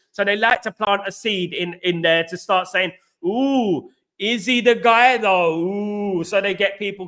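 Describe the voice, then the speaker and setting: Animated London man hosting a fan stream. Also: high-pitched. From England. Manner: animated, talks straight to viewers with slang. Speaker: fan channel host. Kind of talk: live stream chat reading comments.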